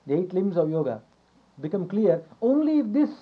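A man giving a yoga philosophy lecture, repeating his phrases, asking rhetorical questions and chuckling softly now and then. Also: high voice, husky. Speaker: yoga teacher. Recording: dull lo-fi recording.

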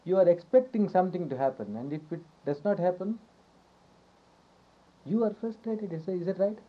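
A man's voice: sits high, lively intonation, moderate pace. Man teaching yoga philosophy, lo-fi recording. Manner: repetitive, rhetorical questions, soft chuckles. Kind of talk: philosophy lecture. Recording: dull lo-fi recording.

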